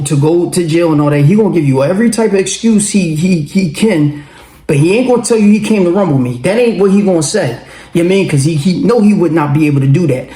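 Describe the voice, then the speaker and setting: A man telling his own story in a casual, profane, animated way, acting out what people said. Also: a little high. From Philadelphia. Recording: roomy echo.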